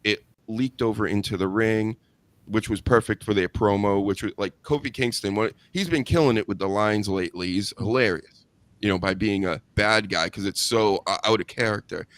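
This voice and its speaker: A man's voice: lowish voice, normal speed, fairly bright tone, no room sound. A man hosting a wrestling podcast in casual chat, blunt and sarcastic, swearing freely. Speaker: podcast host.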